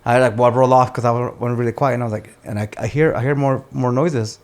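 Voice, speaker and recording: A man's voice: medium pitch, quick pace. A man on a podcast telling a story with animation, cursing freely and slipping in Spanish words. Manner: animated storyteller, swears often, says "dude" and "bro". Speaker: podcast host. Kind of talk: casual chat, storytelling.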